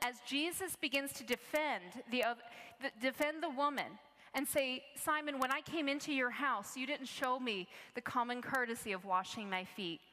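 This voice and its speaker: Woman preacher, bright and forward tone, earnest storyteller, reverberant hall. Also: high voice. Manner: earnest storytelling, many restarts. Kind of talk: sermon.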